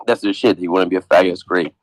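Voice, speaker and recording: A man's voice: deep voice, no room sound, low-quality recording. A man hosting a casual podcast chat, talking bluntly with heavy profanity. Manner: profane, animated, blunt trash talk. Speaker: podcast host.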